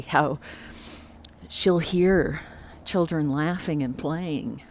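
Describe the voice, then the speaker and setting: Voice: mid-range voice, slow pace, darkish tone, a little hiss or hum. A psychic medium casually telling a first-person ghost story, reflective and loose, with filler words.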